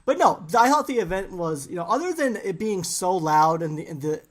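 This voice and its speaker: A man's voice: high-pitched, fairly quick. A man hosting a podcast, telling stories in a casual, teasing way. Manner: animated storyteller, teasing. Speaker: podcast host. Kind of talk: casual chat.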